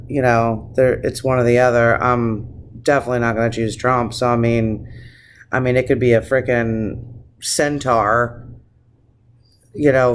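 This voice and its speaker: A man rants to camera on his vlog, cursing freely and circling back through restarts. His voice sits at an ordinary mid pitch. He talks with plain, impassioned feeling. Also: slight background noise. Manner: profane, impassioned, rambling with restarts. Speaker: vlogger. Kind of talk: casual vlog rant.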